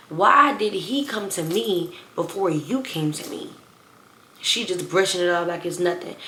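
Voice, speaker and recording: A woman's voice: medium pitch, fairly bright tone, roomy sound, slight background noise. A young woman telling a storytime to her phone camera in a blunt, heated, slangy way, talking straight to her viewers. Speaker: storytime vlogger. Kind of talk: casual storytime rant.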